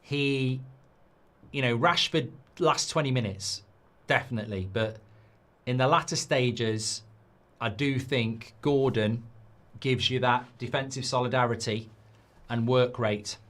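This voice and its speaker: A man's voice: mid-range voice, unhurried, long pauses, a bit bright. A man hosts a live football watchalong, reading viewer comments aloud and breaking into exasperated, sweary outbursts at the game. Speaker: watchalong host.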